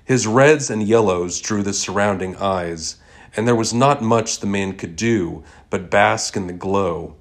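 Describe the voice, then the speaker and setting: A man with a somewhat low voice reads a short story aloud. His narration is steady and measured, with calm pacing from sentence to sentence. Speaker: story reader. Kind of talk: scripted narration.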